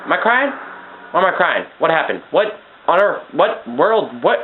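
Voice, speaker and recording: An excitable young man gives casual gameplay commentary, swearing freely and talking back to the game in a lively, slightly high voice. The sound is thin and phone-like, with a clear hiss of noise behind him. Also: moderate pace. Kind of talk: casual let's-play commentary. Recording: tinny lo-fi mic with noise.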